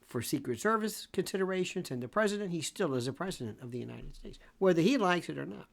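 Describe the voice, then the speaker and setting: Older male legal pundit with a gravelly voice and a very lively, swooping delivery, emphatic and repetitive. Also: on the high side, fast talker. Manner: emphatic, repeats phrases, swings between exclamation and muttering. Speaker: legal commentator and show host. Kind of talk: opinionated commentary.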